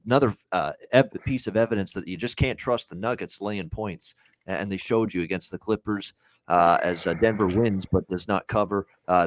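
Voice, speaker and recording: A man's voice: on the low side, dry recording. A man hosting a sports betting show in casual talk, blunt and full of "uh" fillers as he rattles off scores and lines.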